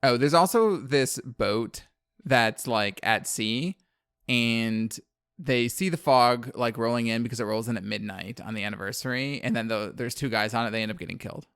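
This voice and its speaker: On a dry, clean studio recording, a New Orleans co-host speaks at normal speed in a mid-range voice that is fairly bright, clear and resonant. He recaps a horror film in casual, profane conversation, with frequent laughter and many fillers.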